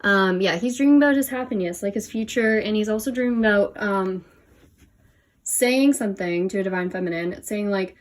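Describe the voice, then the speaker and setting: A woman's voice: medium pitch, moderate pace. A young woman doing a casual tarot reading at home, talking with many fillers and a little out of breath as she leans over her cards. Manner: chatty, many "like" and "um" fillers, laughs at herself. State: a bit out of breath. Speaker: tarot reader. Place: home room, kneeling over cards on the floor.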